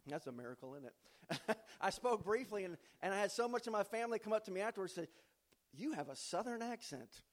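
A man with a high-pitched voice preaches a sermon in a church. He tells stories in a folksy, joking way, then rises into emphatic preaching. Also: very animated, a little fast. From not from the American South. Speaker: pastor.

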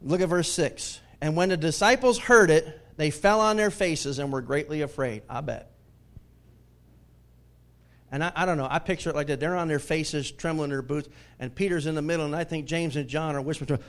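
Preaching at a brisk clip, this pastor keeps his sermon conversational, swinging from loud, forceful points to quiet asides. He laughs frequently and keeps asking the congregation questions.

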